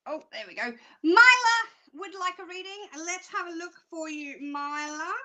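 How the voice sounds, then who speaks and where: A woman psychic doing live card readings, chatty and excitable, laughing often. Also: very high-pitched, moderate pace. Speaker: psychic reader.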